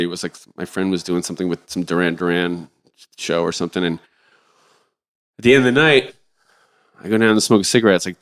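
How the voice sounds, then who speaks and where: A middle-aged man tells a long story in a loose, rambling way, cursing casually. His voice sits fairly low, and it jumps around a lot when he gets excited. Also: clear, resonant tone. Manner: rambling, animated, swears freely. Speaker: podcast guest, drummer.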